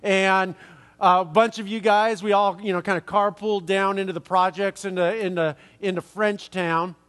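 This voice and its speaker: A man's voice: high-pitched, steady tone, moderate pace, a bit bright. A man preaching a sermon, rambling through a story with many fillers and restarts. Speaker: pastor. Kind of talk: sermon with anecdote.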